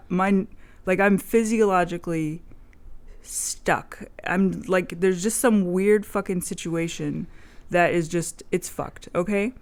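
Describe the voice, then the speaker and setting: A young woman in casual chat, rambling with lots of "like" fillers and frequent swearing. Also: lowish voice. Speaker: vlogger.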